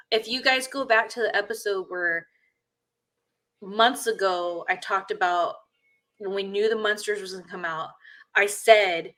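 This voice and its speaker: A woman's voice: medium pitch, a little slow, pauses often, bright, forceful tone. A woman hosting a podcast in casual chat, blunt and rambling with lots of fillers. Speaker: podcast host.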